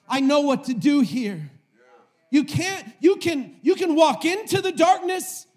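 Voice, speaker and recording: High-pitched male preacher, fervent and repetitive, asks the room rhetorical questions. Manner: impassioned, swings between shouting and hushed tones. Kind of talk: sermon to a live audience.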